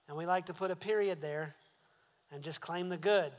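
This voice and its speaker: A male pastor preaching a sermon. He builds to emphatic questions and eases into a soft prayer. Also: high-pitched, moderate pace, long reverb tail.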